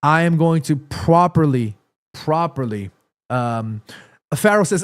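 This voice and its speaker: Man, live-stream host, slightly high voice, rambling, repeats words, tired, under the weather. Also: moderate pace. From born in South Korea, raised in New York City. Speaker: livestream host. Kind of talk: casual live-stream football commentary.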